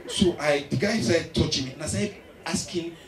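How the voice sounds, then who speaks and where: A man with a Nigerian accent telling a stand-up story, animated and getting loud on the punchlines. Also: on the high side, moderate pace. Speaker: stand-up comedian. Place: large live venue stage. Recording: echoey hall, distant mic, loud crowd.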